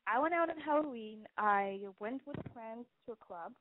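A woman's voice: fairly high pitch, lively intonation, normal speed. Chatty young woman caller on a phone line. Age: 20s. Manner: rambling, chatty storytelling with many "like"s. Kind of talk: call-in story. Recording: dry, tinny phone line.

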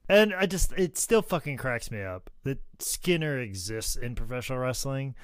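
A man co-hosting a podcast, telling wrestling stories in an animated, joking way and swearing freely. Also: medium pitch, normal speed, clear, resonant tone, no room sound, clean studio sound. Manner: animated, swearing, laughing storyteller. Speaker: podcast co-host. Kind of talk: casual chat.

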